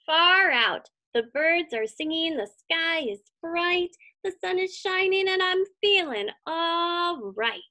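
A woman voicing a frustrated turtle in a read-aloud children's story, speaking slowly. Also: very high-pitched, lively intonation, bright, forceful tone, heavily acted. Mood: relaxed. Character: frustrated turtle stuck upside down.

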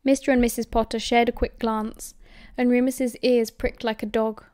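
A woman with a British accent reading audiobook narration at a steady, measured pace. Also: fairly high pitch, no echo, studio quality. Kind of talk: scripted narration.

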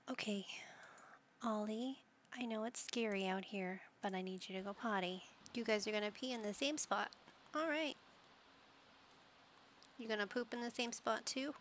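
A woman's voice: medium pitch, fairly bright tone, slight background noise. A young adult woman casually commenting on her gameplay, cooing and doting as she talks to the pets in her game. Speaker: gaming channel host.

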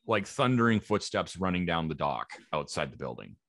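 A man narrating as game master of a tabletop game, pausing and searching for words. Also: low-pitched, big pitch swings, a bit bright, dry recording, clean studio sound. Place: live event room.

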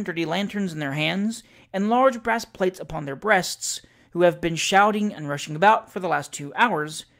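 An audiobook reader giving a measured, deliberate scripted narration of classic sketches. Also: mid-range voice, a bit bright.

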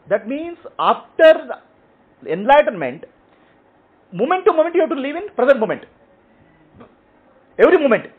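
Brief: male teacher, high lively voice, husky, checks "okay?" often. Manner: explains in short repeated phrases, checking with "okay?". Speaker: spiritual teacher. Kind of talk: teaching answering questions. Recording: tinny phone-like audio.

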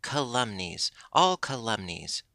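A man voicing a frightened, boastful wooden puppet boy who pleads and gets excited. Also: lowish voice, slow, creaky, no room sound, heavily acted. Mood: sly.

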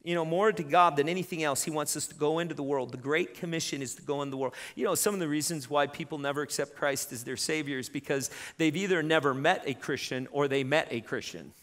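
A middle-aged man preaching a sermon, telling a lively story with many repeated starts. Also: fairly high pitch, quick pace, few pauses. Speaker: pastor. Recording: long reverb in a church hall.

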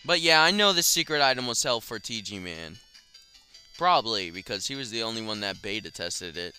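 Excitable, cursing young male gamer. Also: on the low side, brisk, faint music behind. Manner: profane, excitable, shouts in frustration. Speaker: gaming commentator. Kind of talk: casual let's play commentary.

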